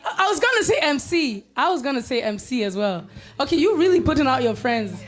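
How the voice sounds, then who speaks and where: A woman's voice: high-pitched, big pitch swings, a little fast. A woman hosting a live poetry event, teasing the audience and laughing often. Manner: playful, teasing, chanting call-outs, laughing often. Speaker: event host. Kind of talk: lively emcee banter at a poetry event.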